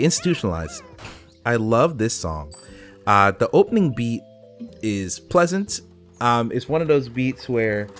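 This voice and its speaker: A man giving a casual, rambling album review, talking with lots of fillers and swearing, and getting animated when excited. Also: fairly low pitch. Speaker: music reviewer.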